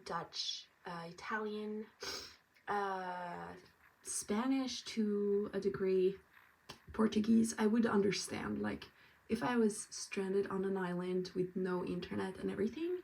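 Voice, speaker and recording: A tired woman from France chatting casually as she gets ready, rambling and now and then dropping to a soft whisper. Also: mid-range voice, takes it slowly, gravelly. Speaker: vlogger. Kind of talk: casual get-ready-with-me chat. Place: at home getting ready. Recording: distant mic, faint room ambience.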